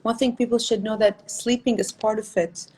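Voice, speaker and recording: A woman's voice: on the high side, fairly even intonation, moderate pace, mellow, a little hiss or hum, low-quality recording. A woman fitness trainer answering interview questions, laughing often and using many fillers.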